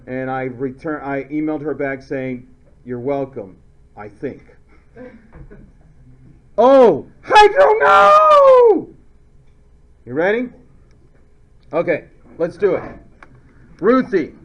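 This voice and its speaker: A male chemistry teacher lecturing a class in a playful way, now and then shouting silly memory phrases. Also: mid-range voice, animated, measured pace, long pauses. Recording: dull lo-fi classroom recording.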